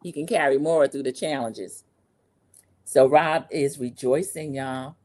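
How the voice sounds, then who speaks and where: A woman in her 40s with a very deep voice and a measured pace hosts a recap show, chatting through a TV episode in a sassy, gossipy way. She quotes cast members in lively put-on voices.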